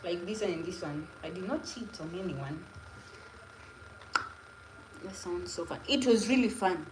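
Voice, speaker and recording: A woman's voice: on the low side, lively intonation, measured pace. A young woman from Kenya with a Kenyan accent, chatting casually and rambling to viewers on her live stream. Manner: chatty, rambling, laughing asides. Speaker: livestreamer. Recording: echoey room with faint noise.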